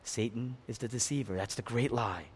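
A pastor preaching a sermon, impassioned, swinging between hushed and loud delivery. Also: male voice, mid-range voice, brisk, slightly rough. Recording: long reverb of a large hall.

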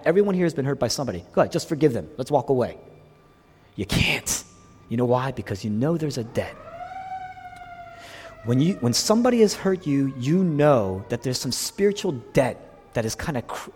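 A man preaching a sermon as pastor to his congregation, dropping to hushed whispers and then rising to loud, emphatic lines. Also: mid-range voice, sing-song, moderate pace, breathy edge. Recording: long hall reverb.

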